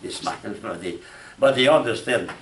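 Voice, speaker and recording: A man from France with a French accent, giving a classroom lecture on logic, speaking haltingly with restarts and asking "huh?" and "you know?". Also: mid-range voice, expressive, fairly bright tone. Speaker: logic instructor. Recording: echoey room from far off, faint noise.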